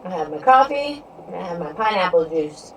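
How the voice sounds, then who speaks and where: Her fairly low voice is very animated as she live-streams at normal speed, rambling from one subject to the next and leaning on "you know." A far-off mic captures her along with faint background noise.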